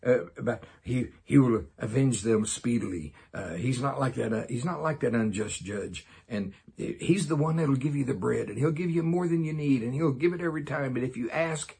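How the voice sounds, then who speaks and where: A man giving informal Bible teaching in a folksy, excitable way, with jokey asides and chuckles. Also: medium pitch, normal speed, creaky, hardly any pauses, breathy edge.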